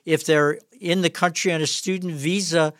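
A middle-aged man hosting a podcast, speaking in a measured, conversational way. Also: fairly high pitch, fairly even intonation, fairly bright tone, dry recording, clean studio sound. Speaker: podcast host. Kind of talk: interview talk.

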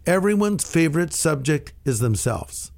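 Middle-aged male pastor, fairly high voice, animated storyteller who voices the people in his anecdotes. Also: moderate pace, creaky. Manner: lively anecdotal storyteller, acts out quoted dialogue. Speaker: pastor and author. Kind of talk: storytelling in a radio interview.

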